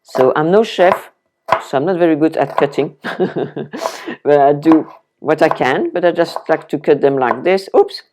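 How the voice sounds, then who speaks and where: A French woman hosts a casual cooking demonstration in her home kitchen, chatting enthusiastically to the viewer while she chops vegetables. Her voice is deep at a moderate pace, and the background is noisy.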